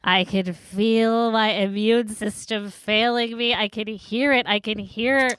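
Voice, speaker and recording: A young woman co-hosting a podcast in casual chat, sniffly from a cold, animated and giggly. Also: a little high, slow pace, clean tone, no room sound. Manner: animated, giggly, acts out her own reactions. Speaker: podcast co-host.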